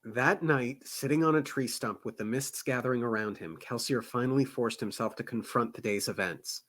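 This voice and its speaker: A man co-hosting a book club show, reading a novel aloud with expressive, animated reactions. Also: mid-range voice, normal speed. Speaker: podcast co-host reading aloud.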